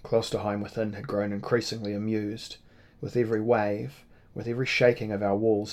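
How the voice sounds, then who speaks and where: A man narrating a novel in a measured, dramatic reading style. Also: on the low side, little pitch movement, gravelly, a little mellow. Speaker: audiobook narrator. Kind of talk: scripted narration.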